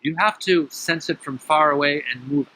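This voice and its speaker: A man being interviewed tells a story in a lively, conversational way, acting out the dialogue. He is sitting outside at his home. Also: fairly high pitch, normal speed, a little hiss or hum, rough recording. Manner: animated, acts out quoted dialogue. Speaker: interview guest. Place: outdoor terrace at his home.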